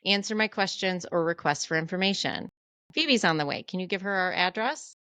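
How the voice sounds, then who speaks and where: A woman co-hosting a podcast, talking in a candid, animated, self-deprecating way in casual chat. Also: on the low side, fairly quick, smooth, dry recording. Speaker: podcast co-host.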